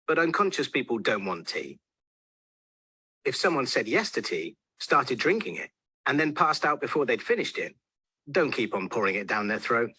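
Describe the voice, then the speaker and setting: A man's voice: medium pitch, bright, forceful tone, husky, no room sound. A man narrating a scripted explainer video in a wry, patient way, repeating his points for effect.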